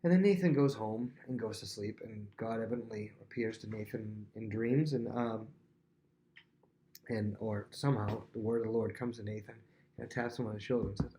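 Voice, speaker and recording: A man's voice: lowish voice, normal speed, a little hiss or hum. A young man giving a casual, conversational Bible lesson, full of fillers and restarts, acting out the dialogue. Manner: chatty, acts out dialogue with animated voices. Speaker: Bible teacher.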